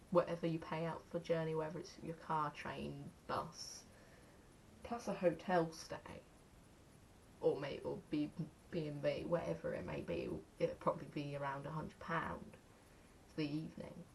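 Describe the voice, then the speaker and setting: A young English woman vlogger chats casually to camera, rambling and self-mocking, counting aloud as she goes. Her voice sits low, and there's a little hiss or hum in the recording.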